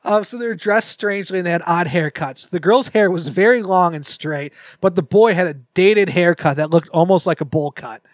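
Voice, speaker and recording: A man's voice: sits high, normal speed, hardly any pauses, no room sound. A man on a podcast reading a scary story aloud and breaking off for joking asides. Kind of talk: casual storytelling read-aloud with banter.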